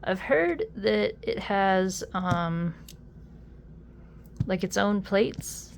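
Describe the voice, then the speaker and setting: A young adult woman chatting casually while unboxing a fidget toy, easily amused and quick to exclaim. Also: mid-range voice, lively intonation, creaky, a little hiss or hum.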